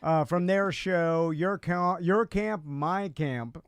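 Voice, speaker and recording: A man's voice: sits high, slow pace, clean tone, no room sound. An American man hosting a live radio talk show, stumbling over words and giggling with guests. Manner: stumbling, giggly, lots of fillers. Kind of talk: casual live radio chat. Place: radio studio.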